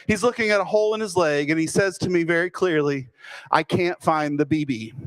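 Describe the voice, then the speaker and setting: A man from Texas, telling a humorous personal story with self-deprecating, deadpan timing. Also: on the high side. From Fort Worth, Texas.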